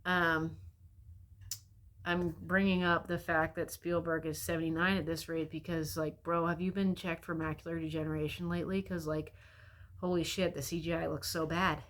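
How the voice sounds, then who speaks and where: A woman's voice: low voice, little pitch movement, moderate pace. Profane, rambling woman vlogger. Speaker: vlogger recapping a movie. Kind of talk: casual movie recap.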